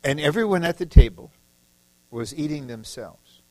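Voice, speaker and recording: A man's voice: fairly high pitch, animated, moderate pace, no room sound, rough recording. A man from the Detroit area preaching a sermon, emphatic and repetitive, acting out short quoted lines. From Detroit area, USA.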